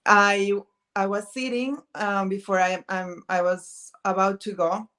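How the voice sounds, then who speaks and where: A woman's voice: mid-range voice, fairly even intonation, unhurried, a bit bright. A woman from Italy, a native Italian speaker, talking casually as a guest on a video call. She keeps searching for her words and often says "mm-hmm". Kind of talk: casual interview chat.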